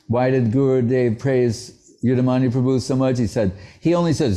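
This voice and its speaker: Mellow-voiced man giving a relaxed devotional talk. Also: medium pitch, fairly quick, hardly any pauses. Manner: conversational, anecdotal, playfully acts out quotes. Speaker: spiritual teacher. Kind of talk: devotional lecture.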